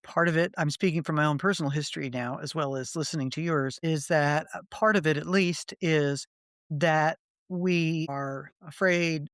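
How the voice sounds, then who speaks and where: Thoughtful host with winding sentences. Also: female voice, low-pitched, normal speed, dry recording, studio quality. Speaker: podcast host. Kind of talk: reflective interview conversation.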